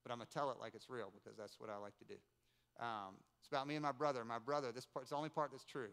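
A man's voice: medium pitch, rapid-fire, clear, resonant tone. A man in his forties from North Carolina, preaching a sermon and telling stories with playful asides. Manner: storytelling, animated, playful asides. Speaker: pastor. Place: church service in a rented building.

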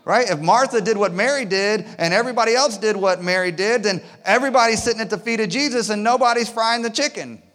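A man preaching a sermon as pastor, swinging between loud emphatic lines and hushed quiet ones. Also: high-pitched, fast talker, hardly any pauses, big-room sound. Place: church auditorium.

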